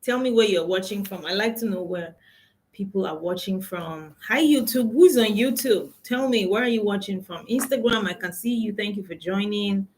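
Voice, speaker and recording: A woman's voice: medium pitch, moderate pace, a little mellow, low-quality recording. A woman with a Nigerian accent, a coach hosting a casual live stream from her phone, greeting viewers by name and laughing often.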